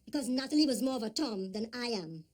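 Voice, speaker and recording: An actress playing a guarded neighbour who answers police questions bluntly and with a sardonic edge. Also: female voice, a little high, expressive, fast, darkish tone, lightly acted. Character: blunt wary female neighbour, adult, defensive. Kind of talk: TV crime drama acting.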